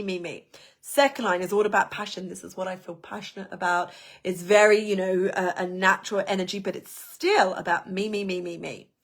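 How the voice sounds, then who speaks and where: A woman coaching a business workshop, talking in an animated, emphatic way and repeating words for emphasis. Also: mid-range voice. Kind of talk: teaching a workshop lesson.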